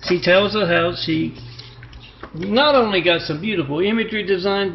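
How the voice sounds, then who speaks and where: A man delivering a rambling, disjointed self-promotional monologue, halting with fillers. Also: high voice, gravelly. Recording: muffled lo-fi recording with faint hiss.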